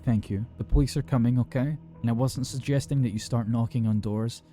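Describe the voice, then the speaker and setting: Man doing emergency operator, calm, steady, instructive, dark mellow voice, faint music. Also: mid-range voice, brisk, close to an everyday voice.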